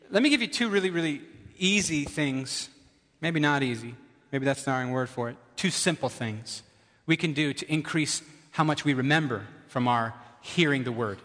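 A man's voice: mid-range voice, expressive, normal speed, fairly bright tone, in a large hall. A male pastor preaching a sermon in a conversational way, repeating key phrases for emphasis and asking the audience questions.

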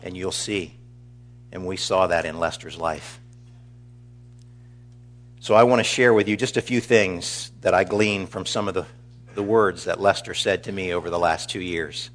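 Deep-voiced man giving a eulogy. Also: slight background noise. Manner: earnest, measured, warmly storytelling. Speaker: pastor. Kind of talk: funeral eulogy.

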